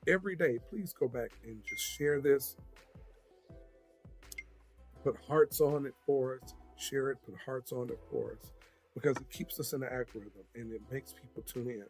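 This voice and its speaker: A man co-hosts a casual morning livestream from a video call. His talk is relaxed and chatty, easygoing in a mid-range voice. Faint music plays softly behind him. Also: mid-range voice, moderate pace. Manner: relaxed, chatty, gives shout-outs. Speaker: co-host.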